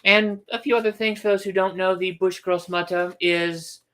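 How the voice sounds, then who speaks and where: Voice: medium pitch, fairly even intonation, normal speed, a bit bright. An author hosting a casual book livestream, thinking aloud with restarts and firm opinions.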